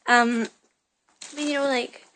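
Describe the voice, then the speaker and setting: A woman's voice: a little high, fairly even intonation, takes it slowly, noisy background. A young woman telling a rambling story in a casual vlog, full of fillers and restarts, recorded on a phone in her bedroom. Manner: chatty, rambling, lots of fillers and self-corrections. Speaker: vlogger. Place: bedroom at home.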